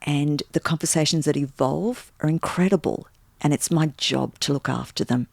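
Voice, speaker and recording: An Australian woman with a low, gravelly voice talks in a relaxed podcast interview. She tells stories with energy and acts out the quotes. The sound is dry and close. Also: moderate pace, dry recording. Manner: animated storyteller, jumps into acted quotes. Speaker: guest, stylist and make-up artist. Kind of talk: casual interview chat.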